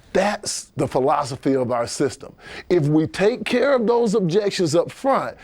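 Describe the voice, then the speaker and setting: A middle-aged man giving an instructional sales training talk, explaining steps energetically and acting out customer dialogue in lively voices. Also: medium pitch, no room sound.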